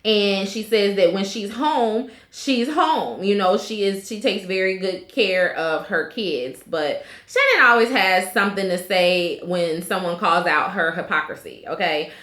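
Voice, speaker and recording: A woman's voice: medium pitch, unhurried, few pauses, a bit bright. A woman in her thirties recapping a reality show in a chatty, opinionated way, full of fillers. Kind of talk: casual recap vlog. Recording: echoey room.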